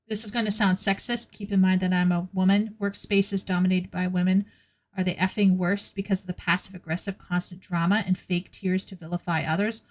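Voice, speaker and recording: A woman's voice: fairly low pitch, flat delivery, normal speed. A woman streaming and chatting casually with her viewers, blunt and candid, often laughing at her own remarks. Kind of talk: casual chat with a live chat.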